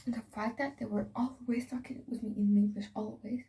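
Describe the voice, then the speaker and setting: A woman's voice: fairly high pitch, steady tone, normal speed, background noise. A teenage girl from France with a slight French accent, chatting casually and rambling while doing her night skincare, often slipping into a whisper. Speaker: vlogger. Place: home bathroom.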